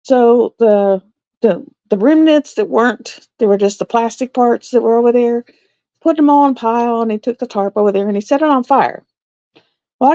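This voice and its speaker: Laughing frequently, a middle-aged woman rambles through a story for the people watching her live stream. Her voice is a little high and dark-toned, with no echo. The sound comes from a phone or webcam mic and has a dull, somewhat lo-fi stream quality.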